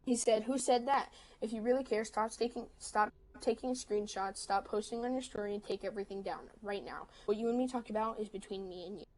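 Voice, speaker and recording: A woman on a livestream telling a story in a casual way, quickly quoting both sides of a text argument. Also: mid-range voice, a little mellow, slight background noise, rough recording. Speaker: livestream host.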